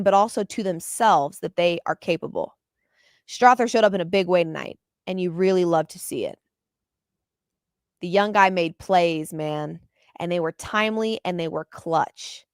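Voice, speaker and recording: A woman's voice: mid-range voice, no room sound. Female podcast host, fervent and emotional, dry close sound, mid-range voice. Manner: passionate, openly emotional; animated, repeats words when excited. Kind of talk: postgame basketball commentary.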